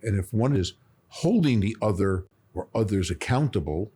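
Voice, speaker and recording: Male lawyer on a panel, low and husky, lays out cases through plain analogies. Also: lively intonation, normal speed, dark tone. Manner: explains with everyday analogies. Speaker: business lawyer. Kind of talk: panel discussion.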